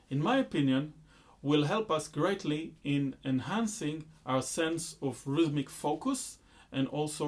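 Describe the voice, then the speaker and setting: A man teaching a rhythm lesson, explaining slowly and chanting loud rhythm syllables. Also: fairly high pitch. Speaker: music teacher.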